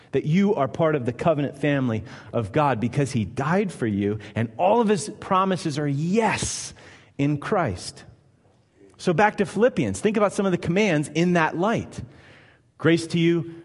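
A man's voice: a little high, husky, in a large hall. A man preaching a sermon in an emphatic style, often asking the listeners rhetorical questions.

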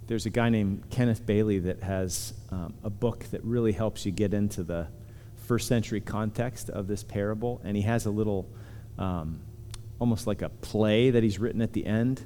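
A man preaching a sermon, earnest and emphatic, slowing down to stress key words. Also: on the low side, dark tone, a little hiss or hum. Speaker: pastor. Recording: long hall reverb.

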